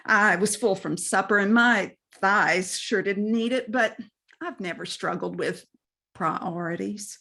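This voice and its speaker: Slow, breathy Southern woman reading poetry. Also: mid-range voice, pushed and bright. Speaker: poet. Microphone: video call.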